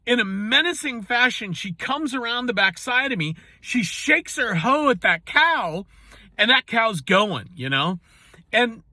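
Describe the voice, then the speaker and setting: High, lively folksy male storyteller. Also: no echo. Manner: folksy and rambling, full of "you know" asides. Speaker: storyteller and channel host. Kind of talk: casual personal storytelling.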